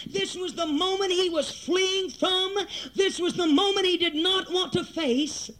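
A man's voice: extremely high pitch, a bit bright. A man preaching a revival sermon, telling a story dramatically and building up to fervent exhortation.

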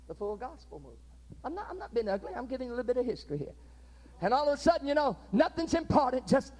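An older man, preaching a sermon in a folksy storytelling way, with sudden loud outbursts. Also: extremely high pitch.

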